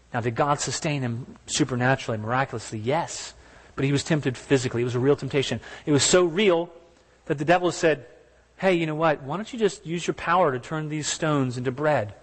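A man's voice: high voice, fairly bright tone, big-room sound. A man preaching a sermon in an earnest, conversational way, asking his listeners questions as he goes. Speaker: pastor.

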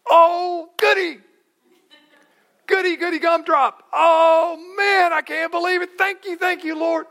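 A man's voice: very high-pitched, steady tone, slow pace, gravelly, pushed and bright, pitched above the performer's own voice, full character voice. A man voicing an overjoyed elderly priest, squealing and gushing with glee. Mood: giddy.

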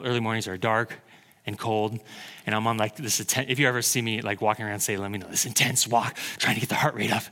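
A man preaching a sermon as pastor, telling stories with animated energy and laughing at his own jokes. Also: medium pitch, big-room sound.

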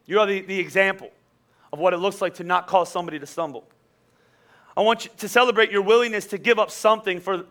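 A man's voice: high-pitched, fairly bright tone. A man in his forties preaching a sermon in a conversational way that builds to emphatic peaks. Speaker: pastor.

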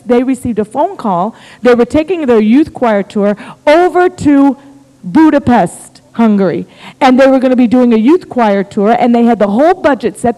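Middle-aged American woman missionary, humorous storytelling preacher, high-ish voice, echoing sanctuary. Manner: animated, humorous, conversational. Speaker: missionary guest speaker. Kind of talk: storytelling sermon. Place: church sanctuary. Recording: reverberant church hall.

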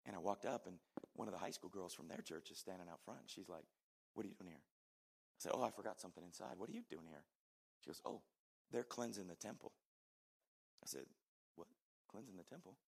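Low gravelly man preaching a sermon. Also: animated, brisk. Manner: conversational storytelling with asides to the congregation. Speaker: pastor.

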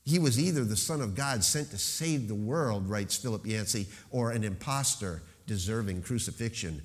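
A man preaching a sermon as pastor, emphatic, slowing to stress key phrases and dropping into rhetorical questions. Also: fairly low pitch, long reverb tail.

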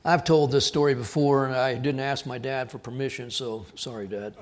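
A man from South Texas, preaching a sermon as a pastor, with an earnest delivery that drops to quiet emphasis on key words. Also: mid-range voice, fairly even intonation, moderate pace.

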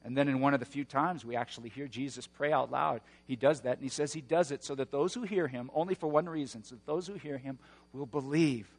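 A man preaching a sermon, moving between hushed, slow passages and loud, roaring emphasis. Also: medium pitch, in a large hall. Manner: dynamic preaching, swings from hushed to shouting. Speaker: pastor.

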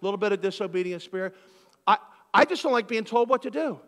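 Male pastor from Philadelphia, high bright voice, lively sermon with acted-out exchanges, long church-hall reverb. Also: fast talker. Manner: animated preaching, acts out conversations.

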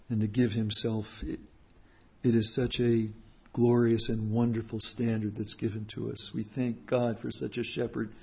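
A man's voice: medium pitch, creaky, a little mellow, breathy edge. A man, a church elder, preaching an earnest sermon with emphatic repetition.

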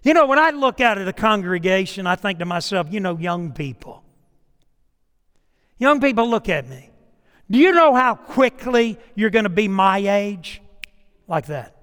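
A middle-aged man preaches from the pulpit in a high voice. He moves between storytelling and direct address, acting out the dialogue in his stories. His words carry with a long reverberation through the sanctuary. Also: very animated, moderate pace, a bit bright, clean tone. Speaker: pastor. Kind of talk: sermon.

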